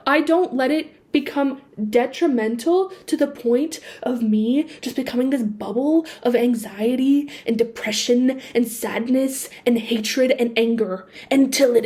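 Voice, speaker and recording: High-voiced young woman chatting on a laptop mic. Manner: animated, swings between quiet musing and bursts of excitement; sings snatches of songs between sentences. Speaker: vlogger. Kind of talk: casual sit-down chat to camera. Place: indoors at home, seated. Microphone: built-in laptop mic.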